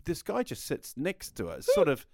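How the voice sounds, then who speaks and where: Animated man telling a pub story. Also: on the high side, normal speed, vocal fry, dry recording, clean studio sound. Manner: animated anecdote-telling, acts out quotes loudly. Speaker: podcast co-host. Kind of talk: casual storytelling chat.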